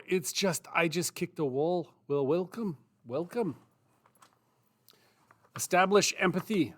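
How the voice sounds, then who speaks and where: A man of middle pitch leads a writing group over a livestream, speaking into a computer mic. His talk is casual and rambling, full of self-deprecating jokes and asides as he explains his points.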